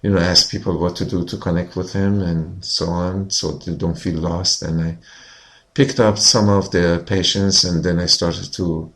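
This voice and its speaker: A man with a fairly low voice tells his own story as an interview guest. He speaks earnestly, leans often on "you know", and grows animated when he talks about feelings. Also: a little slow. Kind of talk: personal storytelling in conversation.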